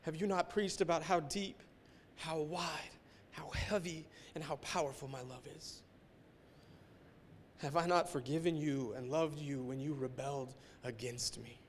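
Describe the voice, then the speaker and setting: A man preaching a sermon as a pastor, emotional, moving between hushed, near-whispered passages and forceful climaxes. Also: a little high, steady tone, unhurried, long reverb tail, slight background noise.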